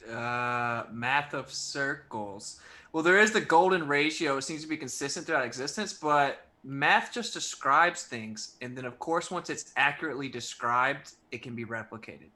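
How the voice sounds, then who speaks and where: A man's voice: medium pitch, normal speed, pushed and bright. A man answering viewer questions in a debate, talking loosely with lots of "like" and filler words.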